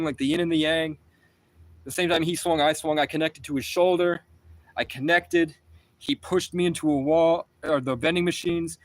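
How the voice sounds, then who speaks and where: Intense male streamer, rambling profane monologue, mid-pitched voice. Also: rough recording. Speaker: livestreamer telling a personal story.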